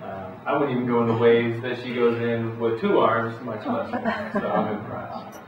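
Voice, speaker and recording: A middle-aged man talks to a room of parents in a relaxed, folksy way, often restarting his sentences and acting out little quotes. He is heard from well back in a very echoey hall. The sound is dull and has a steady noise under it. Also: mid-range voice, moderate pace, far from the mic. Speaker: psychologist speaking to parents. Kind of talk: parent education talk. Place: school hall or auditorium.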